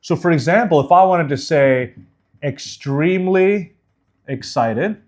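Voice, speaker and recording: A man teaching a speaking course, speaking deliberately and clearly enunciating each syllable with emphasis. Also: fairly high pitch. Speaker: speaking coach. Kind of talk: instructional course.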